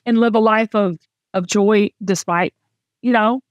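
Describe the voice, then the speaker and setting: A woman's voice: mid-range voice, fairly even intonation, unhurried, no room sound, lo-fi sound. Heartfelt Southern woman, dry close sound. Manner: emotional and heartfelt, with frequent restarts. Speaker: host. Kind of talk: candid casual chat.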